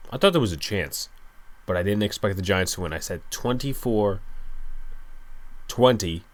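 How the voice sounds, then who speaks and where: A young man hosting a solo sports podcast, speaking low and hushed late at night, with a resigned, frustrated fan's tone. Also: animated, normal speed. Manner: resigned, frustrated fan rant. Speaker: podcast host.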